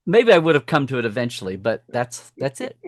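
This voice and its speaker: A man guest on a podcast, telling lively stories and often breaking off to restart his sentences. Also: mid-range voice, fairly quick, no room sound, studio quality. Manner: animated storyteller who breaks off and restarts sentences. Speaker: podcast guest, franchise historian. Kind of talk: casual podcast conversation.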